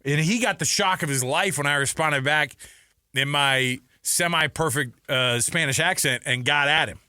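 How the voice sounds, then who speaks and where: A sports radio co-host, a man with a fairly high, bright voice, talks in an animated, laughing way. His delivery swoops up and down as he tells stories, close on a dry studio mic. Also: normal speed, clear, resonant tone, dry recording. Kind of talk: casual sports talk chat.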